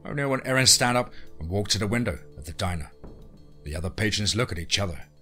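A man hosting a podcast, narrating a horror story in a deliberate, hushed way. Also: on the low side, expressive, faint music behind.

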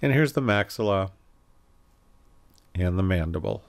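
A man giving a recorded anatomy lecture, calmly explaining and pointing through slides with occasional self-corrections. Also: low-pitched, a little slow, smooth. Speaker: anatomy instructor.

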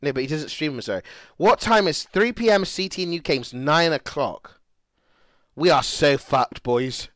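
Young guy streaming, voice jumps all over, swears and yells at chat, dry close mic. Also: on the high side, normal speed, dry recording. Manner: excitable, swearing, shouting and laughing at chat. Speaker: livestreamer. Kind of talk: casual livestream chat to viewers.

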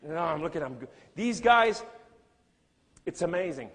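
A man's voice: on the high side, expressive, unhurried, fairly bright tone, in a large hall. A man giving a sermon-style testimony, telling his story dramatically and acting out the scenes.

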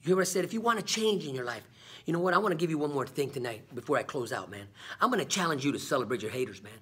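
A man's voice: on the high side, expressive, rapid-fire, fairly bright tone, breathy edge. A man hosting his own vlog, giving a motivational talk to the camera with preachy repetition and call-and-response questions. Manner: preachy, repeats "man" and "come on". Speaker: vlog host.

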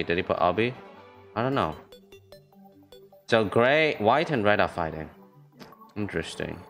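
A young man streaming a video game, chattering on with low-pitched, unhurried commentary. He gets excitable and trash-talks, repeating phrases, while faint music plays behind him.

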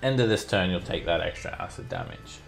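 A man's voice: low-pitched, lively intonation, a little fast, vocal fry, soft background music. A man running an online tabletop game as dungeon master, narrating combat with frequent fillers. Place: home setup, playing online.

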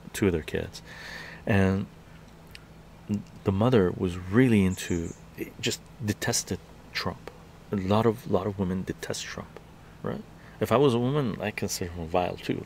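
A man's voice: on the low side, gravelly, a little hiss or hum. A man hosting a live stream, telling a story in a heated, ranting way outdoors on a patio, often tagging his sentences with "right?". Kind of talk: casual political monologue.

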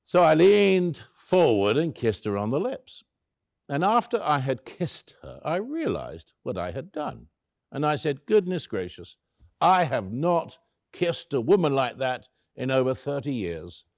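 A man's voice: mid-range voice, huge pitch swings, a little slow, vocal fry, a little mellow, no echo, studio quality, full character voice. An actor playing an elderly male author, telling the story of his late love in the first person, wry and tender, acting out both sides of the conversation. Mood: tender recollection. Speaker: actor in a one-man stage play.

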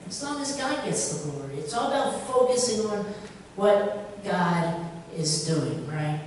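A woman pastor preaches in a relaxed, talky way, often tossing rhetorical questions at her congregation. Her voice sits in a middle pitch and comes from some distance off. A long reverb fills the large church space around her. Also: measured pace, a little hiss or hum. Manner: conversational, animated, asks rhetorical questions. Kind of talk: sermon. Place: church sanctuary. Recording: echoey church hall from far off.

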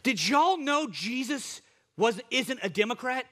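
A man's voice: very high-pitched, lively intonation, a little slow, a bit bright. A male pastor preaching a sermon with impassioned, repetitive exhortations.

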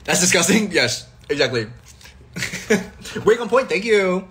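A man's voice: high-pitched, very animated, slow pace, a bit bright, slight background noise. A man in his twenties chatting casually and jokingly on a live stream, rambling with lots of fillers and restarts. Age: 20s. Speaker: livestream host. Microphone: phone livestream.

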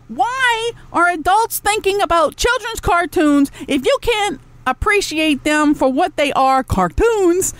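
A woman's voice: very high-pitched, expressive, a little slow, few pauses, dry recording. A woman hosting a podcast, ranting bluntly and sarcastically with lots of swearing and asides to her chat room. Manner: talks back to a chat room. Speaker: podcast host. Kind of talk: ranting solo podcast talk.

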